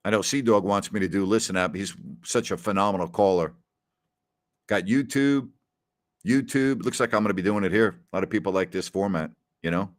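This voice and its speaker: A man's voice: fairly low pitch, brisk. A middle-aged man hosting a live question-and-answer stream, telling stories and reading viewer comments in a chatty way that often repeats names and phrases. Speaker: host.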